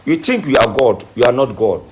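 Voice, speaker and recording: A man's voice: mid-range voice, animated, fairly quick. Guy ranting to camera, keeps repeating himself, voice jumps around a lot. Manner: emphatic and repetitive, scolding. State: says he is crying. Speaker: self-styled spiritualist. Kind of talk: impassioned monologue to camera.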